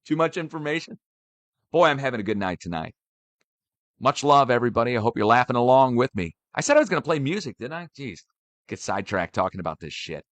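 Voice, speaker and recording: A man's voice: mid-range voice, sing-song, fast talker, a bit bright, dry recording. A middle-aged man ranting in a rambling, sarcastic monologue, mocking and swearing as he hosts his own channel. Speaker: online channel host.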